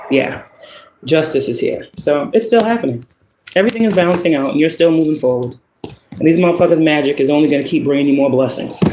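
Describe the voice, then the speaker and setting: Brief: male tarot reader with a fairly high voice, blunt, swears a lot, laughs between points, echoey room. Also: background noise. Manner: profane, emphatic, laughs often. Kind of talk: casual spoken tarot reading.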